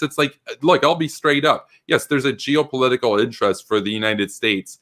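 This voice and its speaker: A man's voice: mid-range voice, fairly even intonation, fairly quick, few pauses, fairly bright tone. A man hosting an online political debate, arguing emphatically and often stuttering as he restarts sentences.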